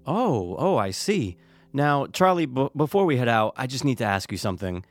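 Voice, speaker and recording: A man's voice: medium pitch, big pitch swings, normal speed, dry recording. A man playing a pushy, mock-serious TV news reporter in a comedy sketch. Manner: mock-serious interviewer delivery.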